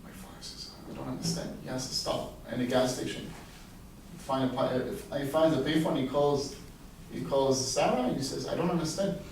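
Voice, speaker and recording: A rabbi giving a storytelling sermon, a man who acts out the quoted dialogue with big leaps in pitch. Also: fairly even intonation, moderate pace, darkish tone, slight background noise. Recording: echoey room, voice heard from a distance.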